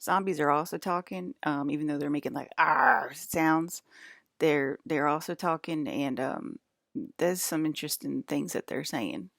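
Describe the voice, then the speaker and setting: A woman's voice: deep voice, moderate pace, vocal fry, no room sound, clean studio sound. A woman in a casual, rambling monologue, swearing freely and filling her speech with "like" and "um.". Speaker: vlogger.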